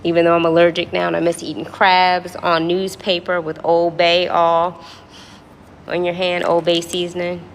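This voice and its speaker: A woman's voice: fairly low pitch, completely flat delivery, normal speed, slight background noise. A woman from Washington, D.C. with a D.C. accent, rambling and joking with viewers in a casual livestream chat. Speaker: livestream host. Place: apartment lobby.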